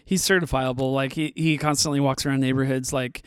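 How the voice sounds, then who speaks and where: A man's voice: mid-range voice, little pitch movement, brisk, smooth, no room sound, studio quality. A man co-hosting a podcast in a laid-back, chuckling way while chatting about a movie. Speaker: podcast co-host, producer. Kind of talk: casual movie podcast chat.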